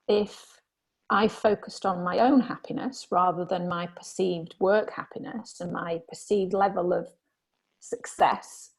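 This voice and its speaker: Woman guest, raspy and gravelly, candid and reflective. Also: mid-range voice, rough recording. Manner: candid and animated when reenacting herself. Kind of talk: reflective conversation.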